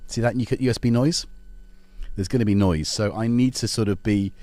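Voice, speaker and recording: A man's voice: lowish voice, brisk, warm tone, no room sound. A man hosting a casual live stream, rambling and joking, drifting off on tangents and talking to his cats. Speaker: livestream host.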